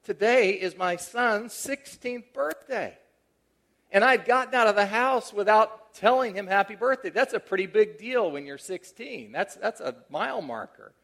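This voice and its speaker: A middle-aged male pastor preaching a sermon, telling a personal story in a conversational way that swings from animated emphasis to a hushed, tender tone. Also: sits high, normal speed, hardly any pauses.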